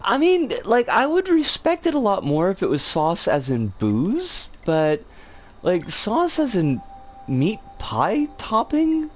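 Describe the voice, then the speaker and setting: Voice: medium pitch, wildly swooping pitch, slow pace. A streamer giving live gameplay commentary, swearing in exasperated outbursts. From United States. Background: game music.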